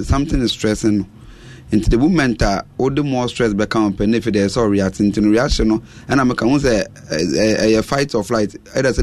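A Ghanaian-accented man appearing as a doctor guest, explaining in a halting way with Twi terms mixed in. His voice sits low. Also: a little mellow. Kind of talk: advice on a radio show.

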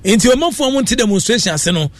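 A man's voice: extremely high pitch, lively intonation, fast talker, no echo. A Ghanaian man hosting a radio show, giving rambling casual commentary that mixes Akan and English.

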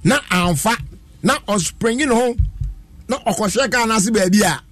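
High-voiced husky man telling stories. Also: measured pace, no echo. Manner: lively, laughs often while telling a story. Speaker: storyteller in a chat. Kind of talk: casual chat, animated storytelling.

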